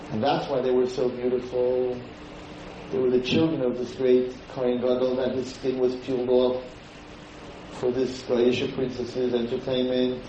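A man's voice: medium pitch, flat delivery, measured pace, mellow, slight background noise. Man lecturing from far off in an echoey room. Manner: retells the story with quoted speech and chants some lines. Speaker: lecturer teaching liturgy. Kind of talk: lecture with dramatic storytelling. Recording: very echoey room, distant mic, dull lo-fi sound.

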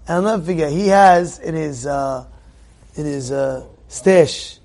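A man giving a sermon as a rabbi, animated, acting out little dialogues and repeating phrases. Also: fairly high pitch, unhurried. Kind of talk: sermon with storytelling.

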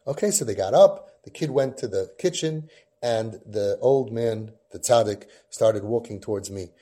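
Mellow husky-voiced man telling a story. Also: medium pitch, moderate pace. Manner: tells a long personal story with Yiddish and Hebrew terms. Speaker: podcast host and parenting guide. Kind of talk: storytelling talk.

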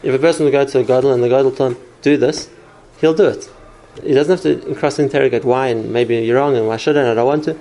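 Gravelly man lecturing a class. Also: mid-range voice, fairly even intonation, fast talker, few pauses, dark tone, low-quality recording. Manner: explains through stories and examples, answers questions. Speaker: teacher.

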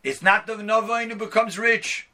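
A man's voice: sits high, steady tone, normal speed, sharp tone. A man teaching a Torah class as a rabbi, speaking emphatically. He quotes a verse in the original and then explains it in his own words. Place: online class.

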